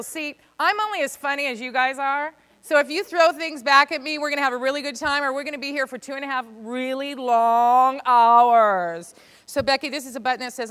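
High bright voice, woman cracking jokes at a seminar, big echoey hall. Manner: energetic, comedic, playful with the audience. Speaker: business speaker. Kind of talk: live seminar talk. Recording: long reverb of a hall.

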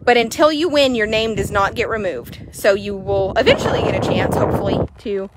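A woman, chatting excitably to viewers while showing a horse for sale in an arena. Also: mid-range voice, a little fast, very noisy. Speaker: horse seller. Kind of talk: casual sales chat while riding.

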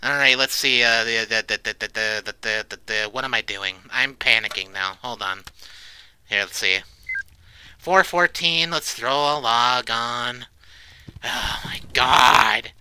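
A man's voice: medium pitch, unhurried, sharp tone, slight background noise. A man commentating a horror game, jumpy, swearing often and shrieking when startled. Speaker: let's play creator.

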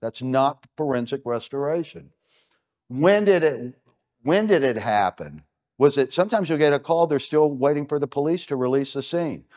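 Middle-aged american guy on stage doing a keynote, punchy and emphatic, voice sits a bit high. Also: expressive, normal speed, a little mellow. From United States. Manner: emphatic, punchy, full of rhetorical questions. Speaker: keynote speaker. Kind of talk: conference keynote. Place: stage at an event.

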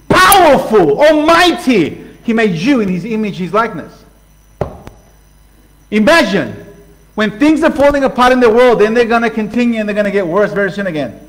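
A man preaching a sermon passionately, swinging from loud outbursts to hushed lines and acting out voices. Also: sits high, poor audio. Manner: acts out voices for illustration. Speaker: pastor.

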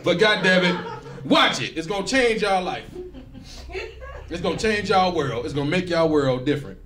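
Laughing, lively young man, profane storyteller. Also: on the high side, moderate pace, echoey room, background noise. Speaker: comedy show host. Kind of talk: animated comedic recap.

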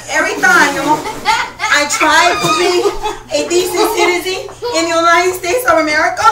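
A performer doing a sassy Puerto Rican woman. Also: extremely high pitch. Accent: Puerto Rican Spanish-inflected English. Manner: chatty, teasing, bits of Spanish. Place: large indoor room at a kids camp. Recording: roomy hall from far off, faint noise.

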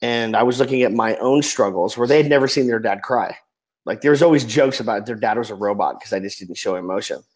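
A man in his forties speaking as a podcast guest, earnest and emotional, often trailing off softly. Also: on the low side, fast talker, low-quality recording. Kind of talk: candid personal storytelling.

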